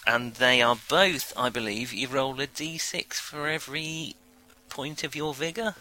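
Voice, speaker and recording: A man running a tabletop game as game master, explaining rules in relaxed, chatty talk with fillers. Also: medium pitch, measured pace, poor audio. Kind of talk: casual tabletop game chat.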